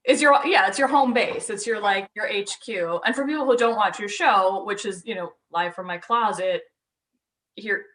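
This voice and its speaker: Lady hosting a podcast, bright voice, joking around, swears casually. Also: mid-range voice, normal speed, a little hiss or hum. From Long Island, New York. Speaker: podcast host. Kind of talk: casual chat.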